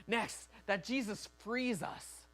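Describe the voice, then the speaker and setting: A man's voice: high voice, slow, a bit bright. A man preaching a sermon as a pastor in a church, talking conversationally and acting out quoted voices.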